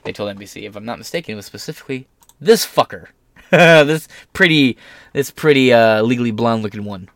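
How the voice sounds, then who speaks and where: A man's voice: mid-range voice, expressive, a little fast, creaky, no room sound. A young man talking through a casual commentary vlog, sarcastic and mocking, swearing freely. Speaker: political commentator.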